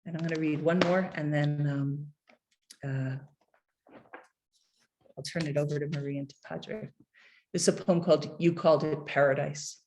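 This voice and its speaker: A middle-aged woman poet reading her poems aloud at a book launch, measured and deliberate, with hesitant asides between pieces. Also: low-pitched, steady tone, a little mellow, slight background noise. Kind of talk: poetry reading.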